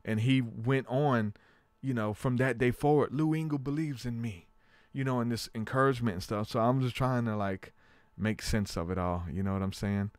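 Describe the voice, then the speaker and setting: A man's voice: mid-range voice, fairly even intonation, moderate pace, smooth, dry recording. A man hosting a podcast, telling stories in a casual, rambling way with lots of fillers. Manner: rambling storytelling with many fillers. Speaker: podcast host. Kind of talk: casual chat.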